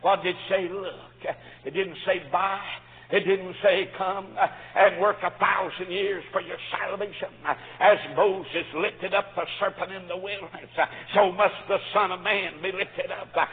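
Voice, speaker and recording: A man preaching a sermon, fervent and swinging between quiet storytelling and shouts. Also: high voice, fairly even intonation, a little slow. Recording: phone-like audio with long hall reverb.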